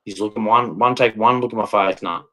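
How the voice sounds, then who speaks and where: A man's voice: fairly low pitch, fairly even intonation, fairly quick, bright, forceful tone, poor audio. A man ranting bitterly to camera, repeating "man" and "right" as he vents. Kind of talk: angry monologue to camera.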